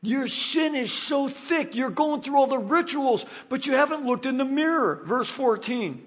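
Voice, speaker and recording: A man preaching a sermon, animated and dramatizing the scripture passages he reads. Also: very high-pitched, a little slow, husky.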